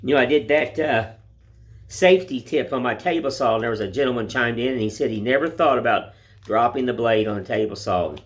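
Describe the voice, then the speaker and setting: A man's voice: mid-range voice, a little fast. A middle-aged man, chatting in a folksy, rambling way while whittling, filmed on a phone. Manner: folksy, rambling, plain-spoken. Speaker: woodcarving vlogger. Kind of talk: casual chat while whittling. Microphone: phone camera.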